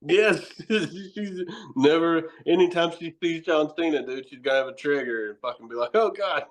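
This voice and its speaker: A man's voice: on the high side, normal speed. Profane man telling wild stories. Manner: profane, rambling, laughs often. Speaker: guest, wrestler and horror host. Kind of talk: casual storytelling chat.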